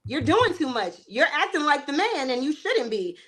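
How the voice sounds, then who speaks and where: High, bright-voiced blunt woman. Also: sing-song, normal speed. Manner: emphatic, blunt, often quotes others. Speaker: guest. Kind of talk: casual talk-show chat. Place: talk show studio.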